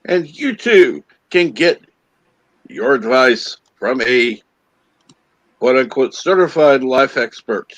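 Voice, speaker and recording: A man's voice: medium pitch, expressive, slow pace, fairly bright tone, no echo, highs cut off. A man co-hosting a podcast, chatting casually in a sardonic way. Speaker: podcast co-host. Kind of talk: casual chat.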